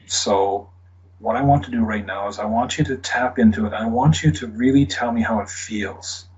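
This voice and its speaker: A man who works as an energy healer, softly coaching someone through a guided healing session and often dropping to a whisper. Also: on the low side, normal speed. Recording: dull lo-fi with faint hiss.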